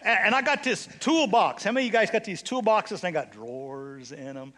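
An older man preaching a sermon as bishop, telling a story and swinging between hushed, low passages and loud, excited ones. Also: a little fast, slight background noise. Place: church.

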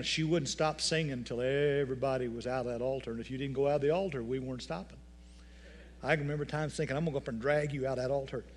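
A male pastor preaching a sermon, telling folksy stories with humor. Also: medium pitch.

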